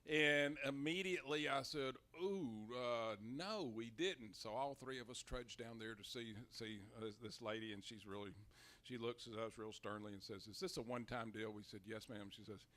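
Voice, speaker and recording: A man's voice: medium pitch, normal speed, sharp tone. An older man, a guest at a live talk, telling folksy anecdotes with plenty of fillers and restarts. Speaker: interview guest, city mayor. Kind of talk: relaxed storytelling at a live talk.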